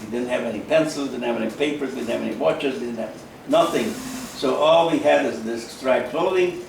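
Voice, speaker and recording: In a strongly reverberant room, with the mic at a distance and a faint hiss beneath, a Holocaust survivor in his 90s gives his personal testimony as an interview guest. He comes from Carpatho-Ruthenia in Eastern Europe. His mid-range voice is gravelly and creaky, and he talks slowly and haltingly, stopping for fillers and repeating words.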